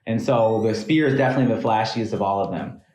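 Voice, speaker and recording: Laid-back low-voiced man in a roomy echo. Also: fast talker, a little mellow. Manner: laid-back, filler-heavy talker. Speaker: podcast co-host. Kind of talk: casual podcast chat.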